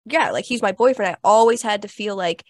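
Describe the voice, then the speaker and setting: A woman's voice: mid-range voice, brisk, no echo, studio quality. A young adult woman hosting a podcast, telling a personal story in a casual, chatty way with lots of "like" fillers. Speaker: podcast host. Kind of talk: casual conversational interview.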